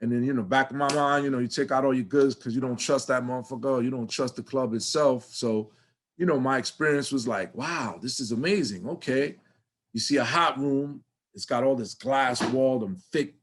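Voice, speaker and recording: In a relaxed interview, the guest, a middle-aged New York City man with a New York accent, spins stories with lots of energy and plenty of profanity, acting out his younger self. He speaks in a mid-range voice at a moderate pace.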